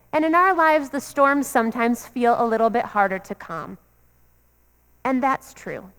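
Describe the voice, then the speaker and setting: High-voiced woman preaching in a reverberant church. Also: moderate pace, fairly bright tone, smooth. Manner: earnest, repetitive preaching cadence. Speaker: pastor. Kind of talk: sermon. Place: church sanctuary.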